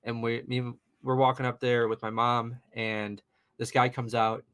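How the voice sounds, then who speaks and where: A young man in his twenties tells a ghost story in a loose, rambling podcast chat. His voice sits at an ordinary middle pitch for a man. He keeps the story moving with plenty of "you know" and "uh.". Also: level tone, unhurried, fairly bright tone, clean tone. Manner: chatty, rambling, lots of fillers and "you know". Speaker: guest paranormal investigator. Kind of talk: casual storytelling in a podcast interview.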